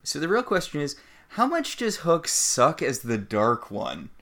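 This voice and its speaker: A man's voice: a little high, huge pitch swings, a little slow, a bit bright. A man co-hosting a podcast, recapping a TV episode in casual chat, with dry, wry commentary. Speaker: podcast co-host.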